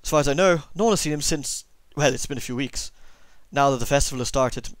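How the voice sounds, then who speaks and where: Man voicing an older village woman, folklore teller, put-on accent, dry close sound, mid pitch. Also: quick pace, no echo, lightly acted. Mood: grave. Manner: reads dialogue aloud in a put-on accent. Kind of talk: let's play character voicing.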